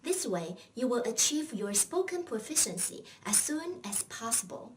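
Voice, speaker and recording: A woman teaching a scripted Chinese language lesson, speaking patiently and encouragingly, pausing for learners to answer. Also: a little high, sing-song, far from the mic, slight background noise.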